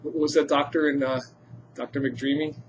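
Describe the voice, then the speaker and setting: With a fairly high pitch that barely moves, a high school chemistry teacher lectures at a moderate pace over a little hiss or hum. He quizzes the class and slips in humorous asides.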